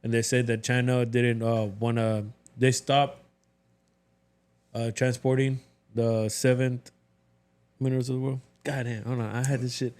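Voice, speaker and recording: A man in casual podcast banter who talks softly and rambles, swearing often. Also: mid-range voice, little pitch movement, measured pace. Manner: soft-spoken, profane, rambling. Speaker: podcast co-host.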